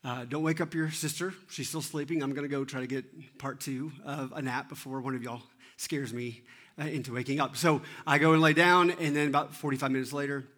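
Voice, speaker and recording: A man's voice: medium pitch, steady tone, brisk, a bit bright. A man preaching a sermon as teaching pastor, telling a story about his children with self-deprecating humor and acting out their lines.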